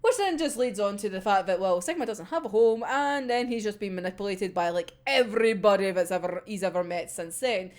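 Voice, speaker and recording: A woman's voice: mid-range voice, expressive, fairly quick, few pauses, a little mellow. A woman casually recapping an anime episode, giggling often, swearing freely and acting out the characters' lines. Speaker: anime discussion vlogger.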